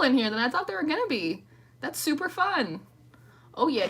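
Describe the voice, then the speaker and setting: A woman's voice: high voice, sing-song, normal speed, a bit bright, a little hiss or hum. A woman chatting casually from home on a livestream, rambling and greeting viewers by name. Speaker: livestream host. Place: at home at night.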